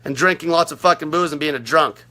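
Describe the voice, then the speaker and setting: Man, young adult, high-pitched, sharp forceful tone, swearing constantly, aggressive rant. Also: fast. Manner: aggressive, heavy swearing, blunt. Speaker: fasting coach. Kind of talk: profane ranting monologue.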